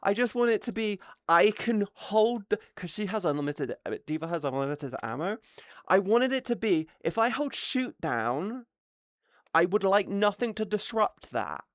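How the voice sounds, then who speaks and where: A woman streaming live, telling a gaming story in a casual, excitable way, swearing often and laughing between words. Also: medium pitch, normal speed, dry recording, studio quality. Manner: excitable, swears a lot, laughs mid-sentence.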